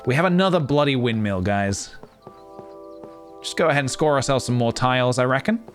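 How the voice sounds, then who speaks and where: A young man talks his viewers through a game in a loose, chatty way. His voice sits in a middle register and keeps leaping into playful, excited squeals. Faint game music plays behind him. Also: medium pitch, brisk. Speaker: streamer. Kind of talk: casual live-stream game commentary.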